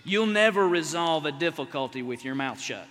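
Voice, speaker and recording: A man's voice: fairly high pitch, lively intonation, normal speed, a bit bright. A male pastor preaching energetically in a church, joking with and teasing the congregation. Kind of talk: sermon. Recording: long church hall reverb.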